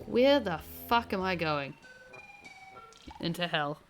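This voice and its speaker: Over soft background music, a young New Zealand woman commentates on the game she's playing in a slow, expressive voice on the low side. Her let's-play chatter is casual, rambling, sweary and self-mocking.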